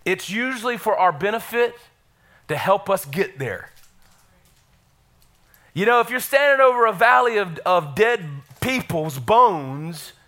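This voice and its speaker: A middle-aged man preaches in a church with a voice that sits high for a man. His tone is bright and ringing, and he keeps the energy up, calling out to the congregation as he goes. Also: big pitch swings, a little slow, long pauses. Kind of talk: sermon. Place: church sanctuary.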